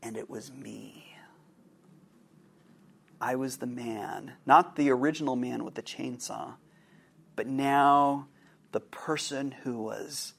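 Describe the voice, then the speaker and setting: A man hosting a podcast, telling a personal story in a halting way with many fillers and restarts. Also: medium pitch, steady tone, creaky. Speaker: podcast host.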